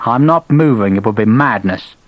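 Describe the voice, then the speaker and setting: A man voicing a stubborn male rifle officer who speaks flatly and defiantly. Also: on the low side, moderate pace, no room sound, voice pushed down, lightly acted, low-quality recording. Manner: flat, defiant.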